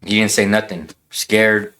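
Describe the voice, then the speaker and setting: A man's voice: on the low side, fairly even intonation, a little slow, bright, forceful tone. A man telling a blunt, profane story in a casual podcast chat, saying "bro" a lot. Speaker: podcast guest.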